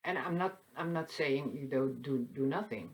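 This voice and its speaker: A woman hosting a spiritual talk that moves into a guided meditation, speaking softly and meandering, with light laughs. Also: a bass voice, rough recording. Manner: soft, slow and meandering, with frequent fillers and light laughs. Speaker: spiritual channel host. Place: seated indoors.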